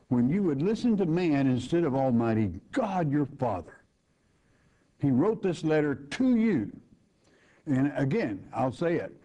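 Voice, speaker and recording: A man preaching a verse-by-verse Bible sermon, slow and emphatic, with sudden jumps in pitch. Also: warm tone. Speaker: pastor teaching Bible study. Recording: dull lo-fi broadcast recording.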